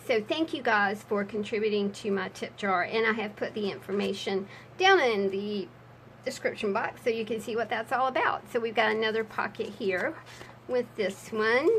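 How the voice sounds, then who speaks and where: A woman's voice: medium pitch, moderate pace, a bit bright, poor audio. A chatty woman walks viewers through her handmade journals. She talks casually, drifts into rambling asides and fills the gaps with ums. There is a faint hiss behind her voice. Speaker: junk journal crafter. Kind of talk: casual crafting vlog.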